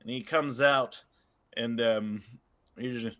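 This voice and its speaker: A man's voice: mid-range voice, steady tone, slow pace, fairly bright tone. A man narrating as game master of a tabletop game, loose and rambling with many fillers.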